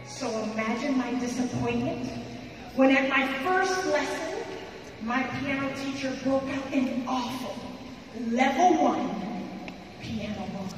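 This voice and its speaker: A woman's voice: sits high, a little slow. A woman giving a playful stage talk to a live audience, telling stories and teasing the crowd. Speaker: keynote speaker and pianist. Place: large hall with a live audience. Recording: echoey hall, far from the mic, music and crowd behind.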